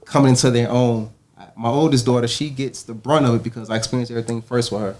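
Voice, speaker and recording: Fast-talking podcast dad, earnest. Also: male voice, mid-range voice. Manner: earnest, animated storytelling. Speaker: podcast host. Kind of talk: casual chat.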